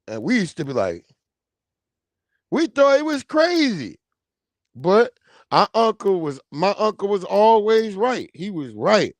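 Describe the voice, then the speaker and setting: A man hosting a casual livestream, talking in an animated, slangy way and calling out viewers by name. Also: high-pitched, measured pace, long pauses, no room sound. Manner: animated, slangy, reads viewer names aloud. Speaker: livestream host.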